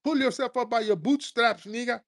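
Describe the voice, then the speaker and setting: A man voicing a scornful immigrant man who lectures about hard work in a high, sneering voice. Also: moderate pace. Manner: sneering, high-pitched mockery.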